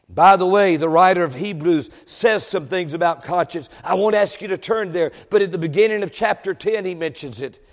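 A man with a high voice preaches a fiery sermon, building from steady explanation to ringing shouts. He wears a lapel mic, and his voice trails off into the long echo of a big church hall. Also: normal speed. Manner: impassioned, swells into shouted exclamations. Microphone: lavalier.

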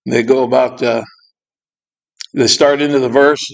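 A man's voice: mid-range voice, fairly even intonation, creaky, poor audio. Plainspoken man giving a rambling church talk. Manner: rambling, plainspoken, full of asides; halting, with frequent pauses. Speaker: prison ministry volunteer. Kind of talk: informal church talk to a congregation.

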